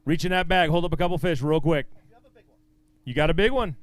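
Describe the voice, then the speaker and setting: A man with a high, clear, smooth voice calls out anglers and their weights at a tournament weigh-in. He sounds upbeat and encouraging, trading quick banter with each angler on stage. The sound is close and dry. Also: no echo. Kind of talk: live weigh-in announcing.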